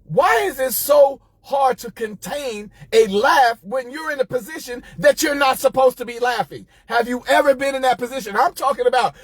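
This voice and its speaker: A middle-aged man hosting a casual storytelling monologue, animated and laughing as he talks to his listeners. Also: extremely high pitch, moderate pace, hardly any pauses, husky, dry recording. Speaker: host.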